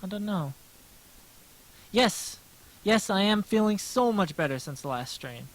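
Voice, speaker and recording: Through poor audio comes a high, expressive voice speaking a little slowly. The man, a streamer and artist, sketches on a livestream while chatting casually, rambling, self-deprecating, and frequently starting over.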